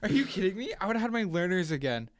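A man's voice: sits high, fast, no room sound, studio quality. Profane young man telling stories. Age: young adult. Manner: profane, animated storytelling. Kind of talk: casual chat.

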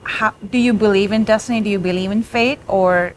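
A woman's voice: mid-range voice, fairly even intonation, brisk, a little hiss or hum, rough recording. A woman on a panel asking a question, a little hesitant.

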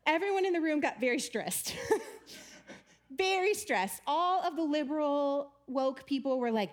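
A woman giving a chatty, animated storytelling talk about faith, often laughing as she speaks. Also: sits high, unhurried.

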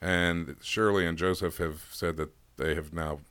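A man's voice: sits low, fairly even intonation, unhurried, a bit bright, clean tone, no echo. A man co-hosting a casual podcast, reading odd news stories and joking with his partner. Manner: joking, reads quotes aloud with playful voices. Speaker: podcast co-host.

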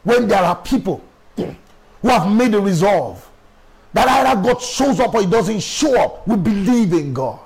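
A man's voice: high voice, sing-song, unhurried, a little mellow, slightly rough, low-quality recording. A middle-aged man delivering a sermon as a preacher, emphatic and full of rhetorical questions.

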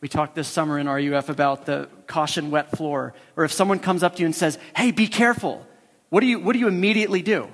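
A man's voice: a little high, steady tone, quick pace, hardly any pauses, big-room sound. A male pastor preaching a sermon, emphatic and repeating his key phrases for weight.

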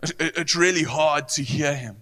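A male pastor delivering a sermon with a bright, forceful voice. He speaks earnestly and emphatically, and he often repeats phrases for weight. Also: a little high, moderate pace.

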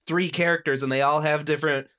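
A man's voice: a little high, fast. A young man from the American Midwest, co-hosting a podcast in casual chat and laughing often. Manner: laughs often, relaxed and chatty. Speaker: podcast co-host.

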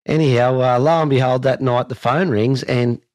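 Matey Australian podcast host, dry sound. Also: male voice, medium pitch, fairly even intonation, moderate pace, darkish tone, dry recording. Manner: chatty, matey, tells anecdotes. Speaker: podcast host and horse coach. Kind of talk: casual storytelling interview.

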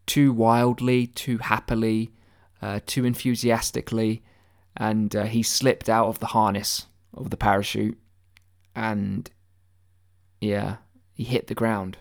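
A man delivering a deadpan satirical conspiracy monologue, mock-earnest and rambling, with stammered restarts and swearing. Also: lowish voice, takes it slowly, creaky.

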